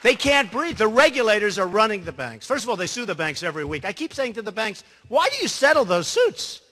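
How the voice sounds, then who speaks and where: A man's voice: high-pitched, animated, fast talker, pushed and bright. Boastful man speaking in a reverberant hall. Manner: rambling, boastful, conversational asides to the audience. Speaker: political candidate. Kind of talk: campaign speech. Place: large hall.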